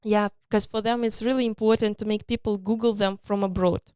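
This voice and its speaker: Smooth-voiced woman founder, hesitant storytelling. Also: medium pitch, fairly quick, no room sound, studio quality. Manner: hesitant, many fillers and restarts, animated storytelling. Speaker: startup founder and CEO. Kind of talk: casual interview conversation.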